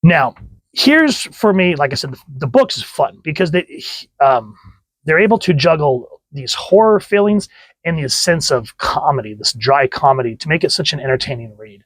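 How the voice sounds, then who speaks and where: A man talks through a comic book review in a relaxed, chatty way, often restarting phrases. His voice sits a little high for a man. The recording is dry and close. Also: moderate pace, no echo, poor audio. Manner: chatty, restarts phrases, reads panels aloud. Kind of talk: casual video review.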